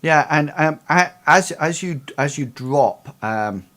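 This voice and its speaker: A man's voice: a little high, lively intonation, takes it slowly, fairly bright tone. A man narrating a tabletop game as its game master, hedging his descriptions as he goes. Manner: hesitant, lots of fillers and restarts.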